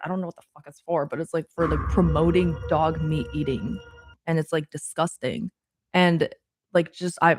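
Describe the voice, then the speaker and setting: A woman's voice: fairly low pitch, darkish tone. A woman streaming casual chat while studying; she swears often, laughs easily and thinks aloud.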